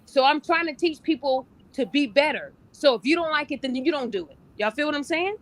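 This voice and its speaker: A blunt woman hosts a casual podcast and gives relationship advice, with a high, bright voice. She speaks frankly and now and then slips into other people's voices to make her point. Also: fairly quick, a little hiss or hum. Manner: blunt, animated, acts out quoted voices. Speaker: podcast host and relationship coach.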